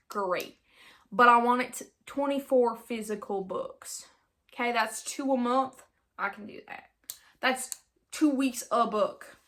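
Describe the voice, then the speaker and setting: A woman's voice: a little high, fairly bright tone. Giggly rambling young woman podcaster. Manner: rambling, giggly and self-mocking; puts on an accent in places. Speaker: podcast host. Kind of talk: casual solo podcast chat.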